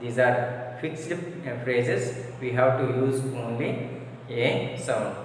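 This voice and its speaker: Slow-talking male teacher. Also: medium pitch, distant mic, a little hiss or hum. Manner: repetitive, drilling examples aloud. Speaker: English teacher. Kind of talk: classroom grammar lesson. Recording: echoey hall, recorded from afar.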